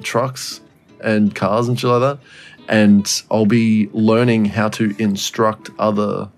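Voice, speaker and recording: A man's voice: on the low side, level tone, slow pace, faint music behind. A young man, co-hosting a casual podcast chat, rambling, swearing freely and laughing often. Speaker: podcast co-host.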